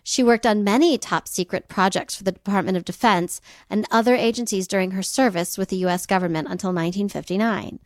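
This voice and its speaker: A woman co-hosting a podcast, telling a story in casual chat, animated and often laughing. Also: mid-range voice, fairly quick, hardly any pauses, no room sound, studio quality. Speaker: podcast co-host.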